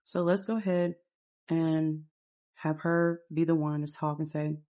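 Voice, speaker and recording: A woman's voice: sits low, fairly even intonation, measured pace, dark tone. A woman narrating a life-sim game in a casual, rambling storytelling way.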